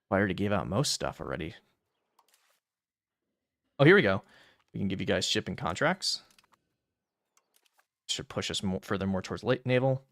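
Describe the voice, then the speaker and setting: A man's voice: on the low side, vocal fry, a bit bright, dry recording. A young man streaming a strategy game, casually thinking aloud through his moves and muttering calculations, now and then flaring into exasperated rants. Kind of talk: casual gameplay commentary.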